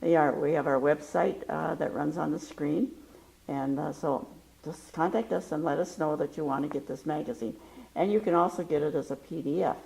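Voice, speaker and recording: Woman talk-show host; low, gravelly voice, emphatic and animated delivery. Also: normal speed, poor audio. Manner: emphatic, animated storytelling with quoted lines. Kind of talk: casual talk-show chat.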